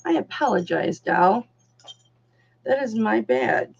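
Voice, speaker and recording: A woman's voice: medium pitch, sing-song, slow, vocal fry, husky. A woman hosting a live online jewelry auction, chatting casually and calling viewers darling, honey and doll. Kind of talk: casual live-stream selling chat. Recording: dull lo-fi sound.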